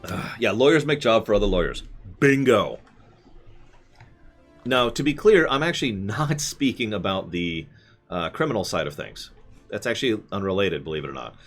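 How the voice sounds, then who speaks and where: A man's voice: fairly low pitch, sing-song, normal speed, soft background music. A man streaming live, answering chat with rambling, self-correcting opinions.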